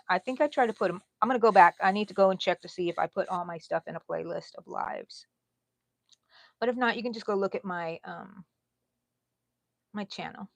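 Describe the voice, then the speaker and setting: A middle-aged Texan woman hosting a casual crochet livestream, chatty, laughing often and drifting into soft asides. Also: medium pitch, dry recording, highs cut off. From Texas. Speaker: crochet channel host.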